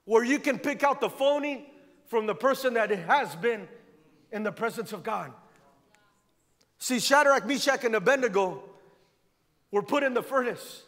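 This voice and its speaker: A man's voice: very high-pitched, expressive, measured pace, pauses often, fairly bright tone. A male pastor preaching a fervent sermon in a church, driving his points home by repeating phrases. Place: church sanctuary. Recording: long church hall reverb.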